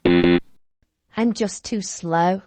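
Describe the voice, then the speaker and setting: A woman's voice: lowish voice, huge pitch swings, very slow, warm tone, dry recording. Playful woman, dry close sound. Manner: playful, teasing. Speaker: quiz contestant. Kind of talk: casual banter.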